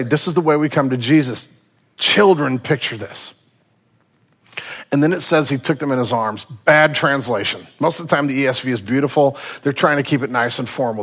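A man in his thirties preaching a sermon, lively and conversational, acting out the people in his stories. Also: medium pitch, breathy edge. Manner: animated storytelling, acting out quotes. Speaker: pastor.

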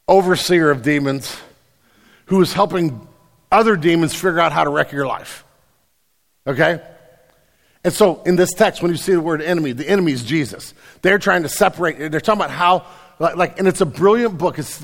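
A man with a high, bright speaking voice preaches a sermon, animated and full of repeated phrases. He keeps checking in with the congregation with quick questions. His voice rings out with a long reverb in a church hall. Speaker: pastor.

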